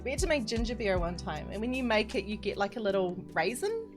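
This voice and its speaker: A woman's voice: mid-range voice, very animated, fast talker. A young woman, chatting casually and giggling as she streams a building tutorial and reads out her chat. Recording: music playing behind.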